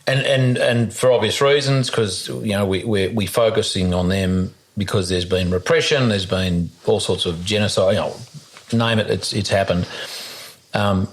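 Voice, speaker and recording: Man, low-pitched, keen interviewer, repeats and restarts words. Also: normal speed. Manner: enthusiastic, stumbling over words. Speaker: podcast host. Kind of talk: casual interview conversation.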